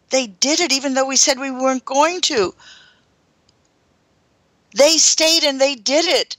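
A woman's voice: high-pitched, a little slow, pauses often, fairly bright tone, dry recording. A woman hosting a talk show, telling a first-hand story in a dramatic way with gasps. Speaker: host.

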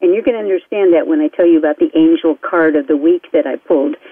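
Woman host, quick and eager, tinny phone-line sound, dry. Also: low-pitched, no room sound. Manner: fast-talking and enthusiastic. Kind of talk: casual talk-radio chat.

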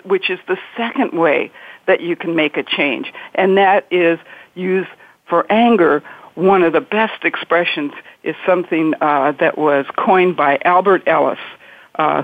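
A woman's voice: lowish voice, dry recording. A woman, a marriage and family therapist, giving earnest advice in an interview and acting out inner speech. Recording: tinny phone-line sound.

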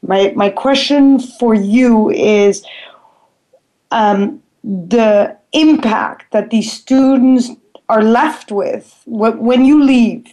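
A woman's voice: a little high, mellow. A woman hosting a radio interview, politely moving the talk along and offering short affirmations. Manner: polite, brisk, keeps time, gives short affirmations.

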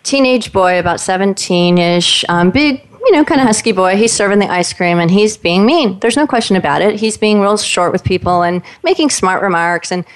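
A woman in casual conversation, telling stories in an animated way and acting out what the people in them said. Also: mid-range voice, fairly quick, few pauses. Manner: animated storyteller, voices the people in her stories.

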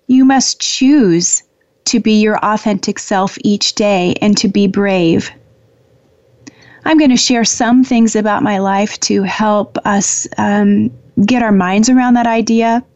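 A woman hosting a spiritual call-in show as an angel communicator, talking in an affectionate, gentle way with soft fillers and pauses. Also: medium pitch, no room sound, dull audio. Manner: warm, affectionate, laughs often, pauses with fillers. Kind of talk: spiritual talk show monologue.

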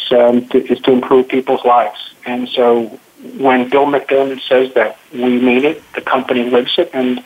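A man calling in as a guest, earnest and halting with fillers. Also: mid-range voice, husky. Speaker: guest caller. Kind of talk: phone interview. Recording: tinny phone line.

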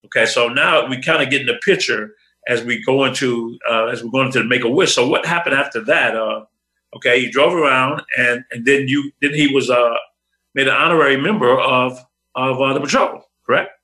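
A man's voice: mid-range voice, brisk, bright, forceful tone, rough recording. A man hosting an interview show, recapping a guest's story in a casual way with fillers. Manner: recaps with many fillers and restarts. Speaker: show host. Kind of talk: interview talk.

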